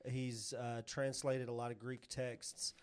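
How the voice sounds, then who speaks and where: A man's voice: medium pitch, flat delivery, slow, smooth. A man co-hosting a podcast, chatting casually and explaining trivia in a rambling way, with many fillers and restarts. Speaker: podcast co-host. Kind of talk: casual chat.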